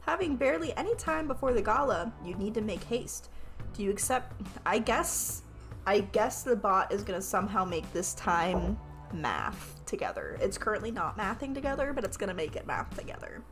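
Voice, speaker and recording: A woman's voice: mid-range voice, sing-song, normal speed, fairly bright tone, soft background music. A woman streaming a tabletop-style game, reading the narration aloud, swearing often, laughing and asking how to pronounce words. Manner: swears often, laughs, questions her own pronunciation. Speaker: streamer playing a game with an AI game master.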